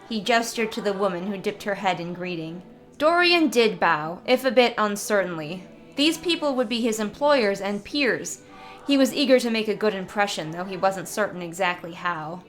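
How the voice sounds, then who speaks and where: A woman reading a fantasy short story aloud in a steady, measured narrating voice. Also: medium pitch, faint music behind. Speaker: story reader.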